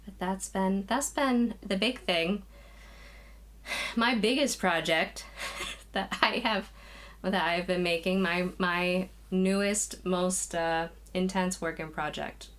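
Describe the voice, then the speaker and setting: A woman's voice: fairly low pitch, steady tone, takes it slowly, a bit bright. A young woman chatting casually to camera from a small craft room at home, a little out of breath, rambling with sighs and restarts. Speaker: knitting podcast host. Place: small spare room used as a craft nook. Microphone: camera, moving in and out of frame.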